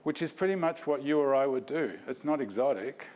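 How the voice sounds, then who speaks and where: A man's voice: medium pitch, animated, a little fast, a little mellow. A man giving an academic talk, reflective and self-deprecating, in a lecture hall.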